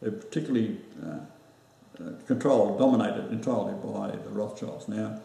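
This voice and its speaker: Australian male host, mellow voice, rambling with lots of fillers, set back from the mic in a very echoey room. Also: lowish voice, creaky, recorded from a distance. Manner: rambling, halting with many fillers. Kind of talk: casual chat.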